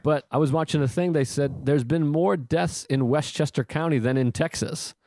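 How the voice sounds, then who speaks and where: A man's voice: fairly high pitch, moderate pace, darkish tone, dry recording. A man hosting a podcast, chatting casually and rambling a bit, swearing and joking as he talks. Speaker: podcast host, comedian.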